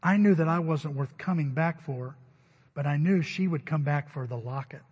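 A man preaching a Sunday sermon as pastor, emphatic and rising to loud stresses. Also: a little high, normal speed, slightly rough. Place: church sanctuary. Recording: dull recording with long hall reverb.

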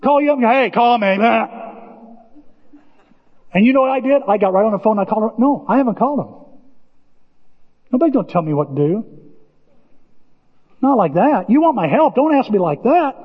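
An older man preaching a sermon as pastor, impassioned, with folksy asides and sudden shouts. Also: sits high, breathy edge. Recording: dull distant sound with hall reverb.

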